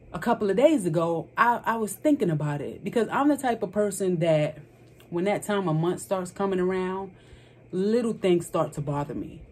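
A young woman vlogger telling a story in a casual, animated way, full of exclamations and playful slang. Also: mid-range voice, husky.

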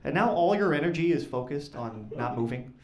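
A man doing a stand-up comedy set on stage, talking in an awkward, deadpan way that rises into loud punchlines. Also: fairly high pitch, a little fast. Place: comedy club stage with live audience. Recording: echoey club with audience noise.

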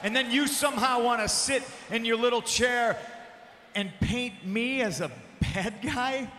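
A man with a high, piercing voice mocks his rival in a sneering wrestling promo and rises to shouts. He speaks into a handheld microphone in a large arena, with long reverb. A faint noise sits behind the speech. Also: measured pace. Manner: taunting, mocking, often shouting. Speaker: pro wrestling champion.

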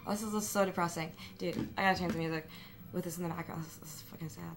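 A woman's voice: lowish voice, steady tone, fast, background noise. A young woman talking to her camera at home in a rambling, self-mocking vlog, full of fillers and restarts. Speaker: vlogger. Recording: music playing in the room.

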